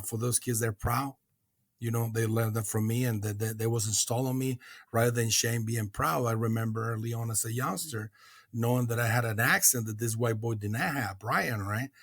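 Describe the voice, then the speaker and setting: This is a middle-aged man from Mexico talking as a guest on a recovery podcast. His voice is husky and sits in an ordinary male range. He speaks earnestly and reflectively, often pausing on hesitant uh's and restarting his sentences, in a dry, close recording. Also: mid-range voice, steady tone, a bit bright, no echo.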